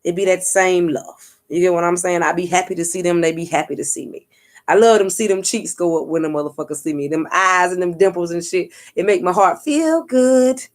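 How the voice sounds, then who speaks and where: A woman vlogger and spiritual reader, speaking fairly quickly in a fairly low voice, delivers a casual storytelling monologue thick with cursing and street talk. She animatedly acts out others' words and keeps asking "you get what I'm saying."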